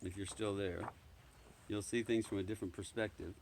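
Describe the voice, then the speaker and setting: A man introducing and reading a children's storybook aloud in a relaxed, chatty way with filler words. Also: lowish voice, brisk, slight background noise.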